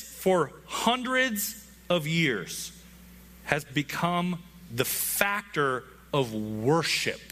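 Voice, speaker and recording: A man's voice: a little high, fairly bright tone. A man, a pastor, preaching a conversational sermon to his congregation with frequent asides.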